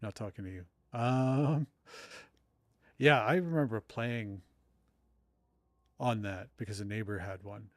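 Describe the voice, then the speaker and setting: Speaking slowly with long pauses, a middle-aged streamer and author rambles to his live-stream viewers as he plays, often at his own expense. His voice is fairly low, with no echo.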